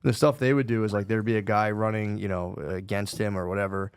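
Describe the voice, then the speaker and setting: A man's voice: fairly low pitch, fairly even intonation, quick pace, clean tone, no echo, studio quality. A man in his thirties chatting casually as a comedian guest on a podcast, rambling and swearing, with "dude" in every other sentence. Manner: rambling, swears a lot, says "dude" often.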